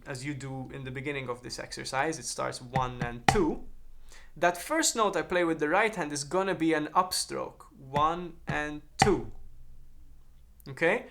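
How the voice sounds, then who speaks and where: A man's voice: a little high, a bit bright. A man teaching a drum lesson on a practice pad, explaining technique and counting beats aloud.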